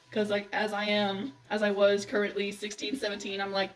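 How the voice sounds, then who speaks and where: A woman's voice: mid-range voice, a little fast. A young adult woman gushing and giggling as she rants about books she loves in a casual vlog. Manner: gushing, giggly, animated retelling. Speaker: book vlogger. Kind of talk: excited casual book rant. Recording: slightly distant mic with faint background noise.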